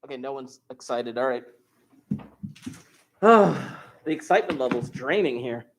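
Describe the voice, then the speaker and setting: A man's voice: mid-range voice, expressive, unhurried, background noise. A man teaching an algebra class over a livestream from his classroom desk, joking and teasing his students and chuckling often. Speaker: high school algebra teacher.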